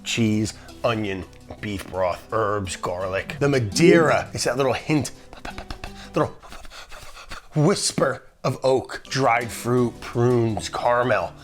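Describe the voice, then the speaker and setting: A man's voice: mid-range voice, takes it slowly, faint music behind. A middle-aged man hosting a casual cooking demonstration in a kitchen, enthusiastic and jokey, with the odd swear and asides to the crew. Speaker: cooking show host.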